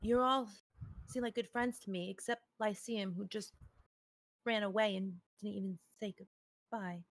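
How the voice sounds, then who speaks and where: A woman's voice: medium pitch, steady tone, normal speed, no echo, lightly acted. A woman voicing a proud, wounded young woman soldier who pleads earnestly for a chance at redemption, in a tabletop game. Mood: earnest resolve.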